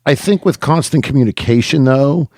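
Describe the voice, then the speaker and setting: A man's voice: mid-range voice, normal speed, darkish tone, dry recording, clean studio sound. A man co-hosting a podcast in casual chat, laid-back, often stumbling and restarting, with lots of "yeah". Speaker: podcast co-host.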